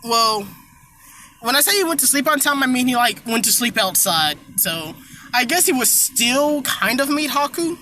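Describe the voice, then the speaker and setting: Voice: sits high, expressive, moderate pace, pushed and bright, a little hiss or hum, poor audio. A fan storyteller telling an improvised what-if tale in a rambling, self-correcting way, with some casual swearing.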